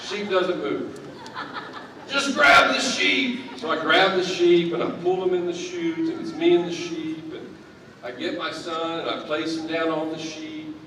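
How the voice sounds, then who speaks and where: Man, thirties, commencement keynote, self-deprecating humor, heavy arena echo, clear background ambience. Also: on the high side, little pitch movement, moderate pace, fairly bright tone, slight background noise. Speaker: keynote speaker. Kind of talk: commencement speech. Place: large indoor university arena. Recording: echoey arena, picked up from a distance.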